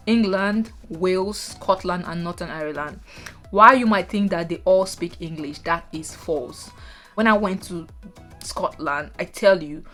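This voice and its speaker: Nigerian woman vlogger, lower register, talks straight to camera over soft background music. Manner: chatty, animated asides to viewers. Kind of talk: casual talking-head vlog.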